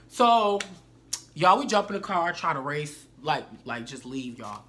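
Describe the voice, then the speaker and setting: A young woman telling a story to her viewers in a casual, animated, slangy way. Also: sits low, a little slow, slight background noise. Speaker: vlogger.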